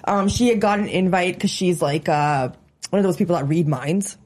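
Husky-voiced woman chatting and laughing. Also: fairly low pitch, moderate pace, darkish tone. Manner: laughs often while telling a story. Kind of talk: casual chat.

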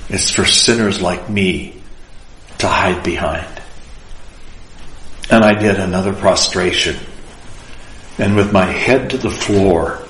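A lower-voiced man tells a personal spiritual story with slow, deliberate care, his words earnest and full of feeling. He is an Orthodox priest, and his voice carries a roomy echo around it. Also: a bit bright, a little hiss or hum.

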